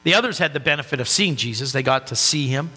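A man's voice: mid-range voice, lively intonation, quick pace, pushed and bright, husky, long reverb tail. A man preaching a sermon as a pastor, in an earnest, conversational way.

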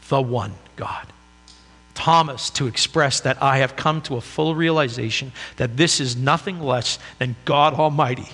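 A man's voice: fairly high pitch, bright, forceful tone, long reverb tail. A man preaching a sermon as a pastor, in an earnest, conversational way.

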